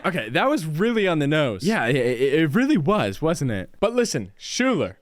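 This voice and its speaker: A young man hosts a comedic Minecraft role-play with a jokey, theatrical delivery. His slightly high voice leaps widely up and down. The sound is dry and close to the mic. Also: very animated, moderate pace, no room sound. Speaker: host.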